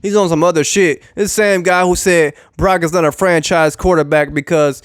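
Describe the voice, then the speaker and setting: A young man with a high, smooth and clear voice rants in casual sports commentary. He is sarcastic and profane and keeps repeating phrases. The sound is dry and close. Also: fairly even intonation, normal speed, no echo.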